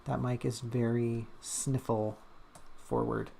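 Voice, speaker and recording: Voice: mid-range voice, flat delivery, takes it slowly, vocal fry, dark tone, a little hiss or hum. A streamer chatting in a loose, rambling way while drawing on stream, full of self-mocking asides and little hums. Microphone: desk streaming mic.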